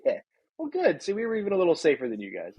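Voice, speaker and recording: Podcast co-host, male, 30s, husky tone, dry close sound, ranting casual delivery. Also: sits high, huge pitch swings, racing, mellow, no echo, muffled recording. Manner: ranting, laughs at his own jokes. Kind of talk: casual chat.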